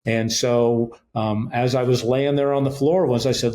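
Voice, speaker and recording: A man's voice: mid-range voice, steady tone, moderate pace, few pauses, darkish tone. Earnest middle-aged man telling his testimony. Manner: earnest storyteller, retells events with quoted dialogue. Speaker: guest, ministry leader. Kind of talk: personal testimony in a podcast interview.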